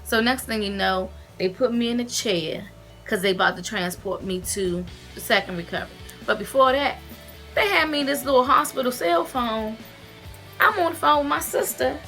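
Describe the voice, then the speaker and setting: This vlogger's voice sits on the high side and runs at a normal speed over faint music. In a relaxed to-camera talk about her weight-loss surgery, she expressively and earnestly retells her recovery with emotion and hands out direct, heartfelt advice.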